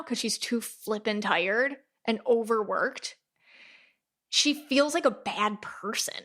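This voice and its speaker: A woman hosting a podcast, talking in a chatty, animated way and acting out little quoted voices. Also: on the high side. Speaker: podcast host, aura reader. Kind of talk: casual podcast talk.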